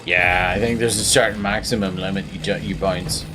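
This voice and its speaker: A tired gaming video host from Belfast, Northern Ireland, rambles through casual gameplay commentary, repeating words and making fun of himself. His low-pitched voice is bright and forceful with fairly even intonation at a moderate pace, over soft background music.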